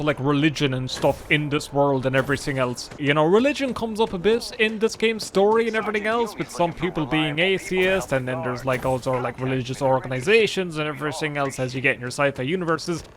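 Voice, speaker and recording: A man's voice: a little high, fairly bright tone, a little hiss or hum. A man giving casual, irreverent commentary over gameplay, chatty and swearing a lot. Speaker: gaming video host.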